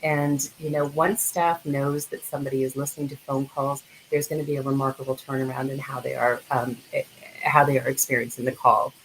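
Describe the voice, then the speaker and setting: A woman presenting in a webinar, earnest and a little halting, sometimes acting out phone scripts. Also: rumbling low, flat delivery, slight background noise, rough recording. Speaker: dental practice consultant speaker.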